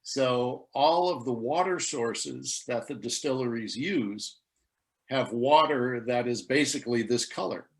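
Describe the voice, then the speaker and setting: An American man, a spirits expert, explaining calmly over a video call in a measured, storytelling way. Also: mid-range voice. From United States. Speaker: spirits critic, guest expert.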